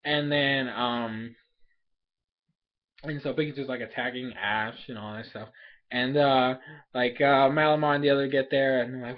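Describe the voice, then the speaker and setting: A young man casually recapping an anime episode in a rambling, animated way, full of fillers and quick asides. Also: mid-range voice, highs cut off. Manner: rambling, animated, filler-heavy, laughs often.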